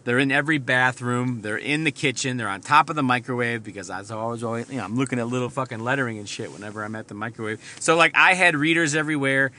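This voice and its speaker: A man's voice: medium pitch, quick pace, few pauses, pushed and bright, a little hiss or hum. A man hosting a podcast, telling a rambling, profane story from inside his car. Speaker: podcast host. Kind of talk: casual storytelling monologue.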